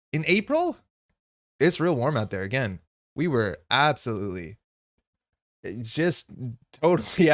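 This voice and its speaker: A man's voice: medium pitch, dry recording, clean studio sound. A young man chatting casually on a live stream, reading and answering viewers' messages with frequent laughter. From Montreal.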